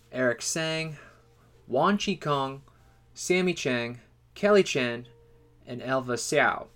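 A man's voice: medium pitch, fairly bright tone. Guy cohosting a film podcast, upbeat, rattles off cast lists. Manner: upbeat, reads lists of credits. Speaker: co-host of a movie comparison show. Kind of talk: casual podcast chat with scripted intro.

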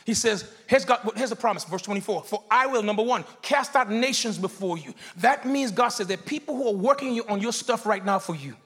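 A man preaching a sermon as pastor, leading his congregation in call-and-response and rising into shouts. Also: sits high, brisk, hardly any pauses, breathy edge. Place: church sanctuary before a congregation.

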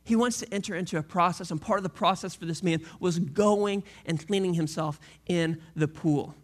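A pastor preaching a sermon in a casual, animated way, full of slang and playful asides. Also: mid-range voice, normal speed. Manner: animated, conversational storytelling with slang; shifts into a quiet, reflective tone late on.

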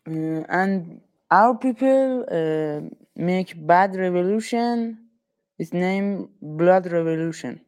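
Halting teenage caller from Iran. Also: male voice, high voice, darkish tone, smooth. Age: teens. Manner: halting, searching for words. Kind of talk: casual call-in chat. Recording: call audio breaking up.

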